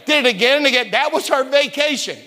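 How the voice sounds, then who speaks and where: A man in his sixties from West Virginia preaching a sermon in a church, telling stories, stumbling over repeated words and rising to shouts. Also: very high-pitched, fast talker. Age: 60s. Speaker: pastor. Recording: reverberant church hall.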